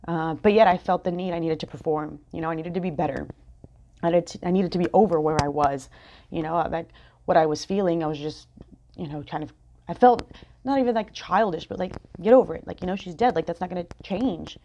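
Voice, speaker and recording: A woman's voice: lowish voice, brisk, dark tone, a little hiss or hum. A woman hosting a podcast, sharing a candid, rambling personal reflection full of fillers and restarts, just after crying. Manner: candid, rambling, many fillers and self-corrections. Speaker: podcast host. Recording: dull lo-fi sound.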